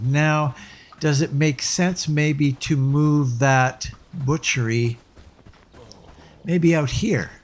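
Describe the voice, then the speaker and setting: A man casually commenting as he plays a game, musing aloud with hesitant restarts. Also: medium pitch. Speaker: let's play host.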